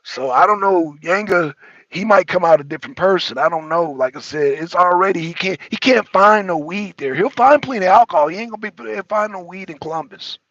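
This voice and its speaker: A man chatting loosely as a talk show panelist, animated and profane, often laughing and repeating words. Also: sits high, fairly quick, no room sound, muffled recording. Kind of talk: casual chat.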